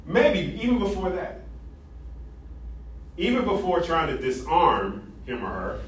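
A man lecturing an ethics class, animated and interactive, quizzing students and tagging sentences with "right?". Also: a little high, a little slow, distant mic. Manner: animated, asks the class questions, frequent "right?". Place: large echoey classroom. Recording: echoey classroom recorded from afar.

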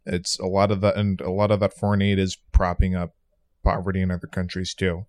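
Low flat guy, matter-of-fact, the skeptic of the group. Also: fairly quick. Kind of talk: casual chat.

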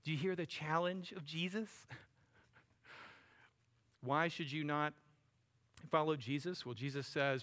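A man's voice: a little high, normal speed, a bit bright. Conversational preacher man. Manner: conversational preaching, addresses listeners as buddy and friends. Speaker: pastor. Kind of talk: sermon.

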